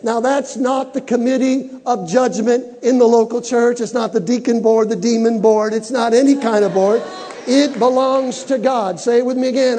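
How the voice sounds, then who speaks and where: A man preaching a Christmas sermon, building to shouts and leading the congregation to repeat lines. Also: very high-pitched. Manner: preaching with rising shouts and call-and-response. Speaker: pastor. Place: church sanctuary. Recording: long reverb of a large hall.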